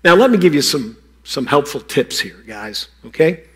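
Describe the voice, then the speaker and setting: A pastor giving a playful children's sermon, teasing and talking straight to the kids. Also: male voice, a little high, sing-song, moderate pace, fairly bright tone, husky.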